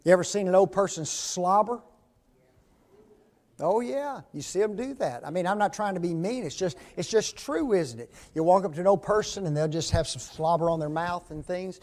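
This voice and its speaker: A man's voice: high-pitched, animated, moderate pace, a little mellow. A man preaching a folksy sermon in a church, often putting questions to the congregation.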